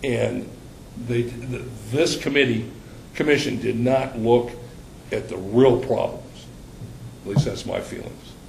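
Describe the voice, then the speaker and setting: A man's voice: medium pitch, measured pace, creaky, a little mellow, reverberant, a little hiss or hum, poor audio. A man speaking earnestly on a panel as a former township trustee, often repeating words as he restarts. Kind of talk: panel discussion.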